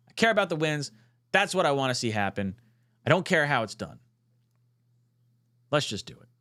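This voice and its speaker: A young man hosts a casual fan show, reacting to chat comments with a fired-up, swearing energy. His voice sits a little high and swings widely in pitch. The sound is dry and close, with no room around it. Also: no echo. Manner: excitable, swearing, rising to near shouts when fired up. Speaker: podcast host.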